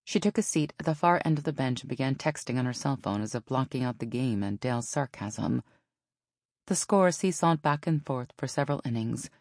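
A woman narrating a novel in an even storytelling manner. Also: a bass voice, no room sound, studio quality. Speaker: audiobook narrator. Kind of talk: scripted narration.

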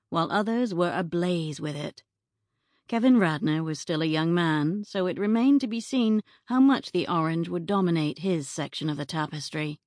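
A female audiobook narrator with a lowish voice, reading in a measured, even way. The sound is bone dry and close, with no room around it. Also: no room sound. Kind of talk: scripted narration. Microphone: studio mic, close.

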